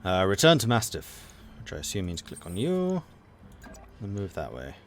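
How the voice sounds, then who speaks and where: A man's voice: low-pitched, huge pitch swings, moderate pace, a little hiss or hum. A man hosting a let's play, giving casual, rambling gameplay commentary with fillers.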